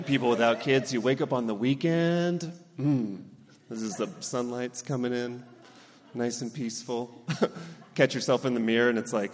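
A man's voice: mid-range voice, unhurried. A man in his thirties from Southern California doing a stand-up set, acting out voices and laughing through his punchlines. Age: 30s. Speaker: stand-up comedian, then guest. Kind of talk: stand-up comedy set, then casual interview chat. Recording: hall reverb, faint background noise.

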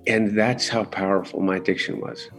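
A middle-aged man talking candidly as an interview guest, halting and restarting often as he searches for words. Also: lowish voice, fairly even intonation, faint music behind. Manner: halting, with frequent restarts and fillers.

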